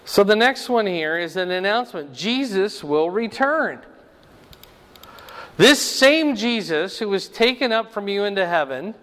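A man teaching a Bible lesson verse by verse, explaining slowly and checking in with "right?" and "okay?". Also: high-pitched, a bit bright, in a large hall.

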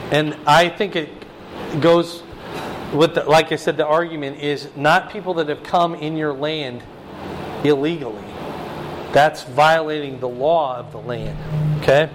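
A man's voice: measured pace, background noise. A man teaching a Bible lesson as a pastor, reading Scripture aloud and often checking in with his listeners with "okay?" and "right?". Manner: animated, swings pitch high when voicing God's words, checks in with "okay?". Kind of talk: sermon, Bible study teaching.

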